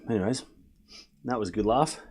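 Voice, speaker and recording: Male streamer, casual tennis watchalong host, giggly, lively pitch. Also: unhurried, husky. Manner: chatty and giggly, laughing often; quieter play-by-play calling.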